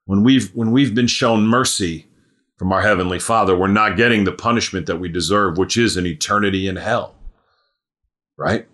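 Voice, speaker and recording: A man preaching a sermon in an earnest voice, rising to loud emphatic peaks and dropping to low, hushed stretches, with frequent restarts as he thinks aloud. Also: moderate pace. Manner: repeats and restarts words while thinking aloud.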